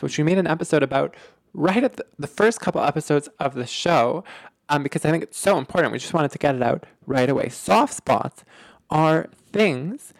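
A podcast host explaining relationship ideas in casual, animated talk, full of fillers, restarts and emphatic repeats. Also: mid-range voice, gravelly, dry recording, clean studio sound. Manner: animated, emphatic, lots of filler words and repetition.

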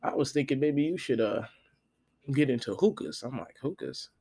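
Gravelly man telling a profane story. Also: medium pitch, normal speed. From Florida. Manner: profane, animated storytelling with quoted voices. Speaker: podcast host. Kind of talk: casual storytelling monologue.

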